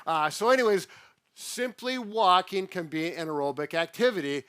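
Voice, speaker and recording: Dry-sounding man explaining plainly, voice a bit high. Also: animated, moderate pace, fairly bright tone, clean tone, no echo. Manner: patient, plain-spoken explaining with frequent "uh" fillers. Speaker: physical therapist co-host. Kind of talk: casual explanatory chat.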